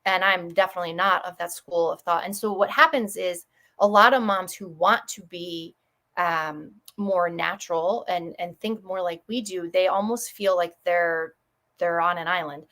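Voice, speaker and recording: A woman from Connecticut, a chiropractor talking as a guest on a broadcast, tells patient stories in a quick, chatty, effusive way. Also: fairly low pitch, bright, forceful tone. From Connecticut, USA. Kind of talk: casual storytelling on a broadcast.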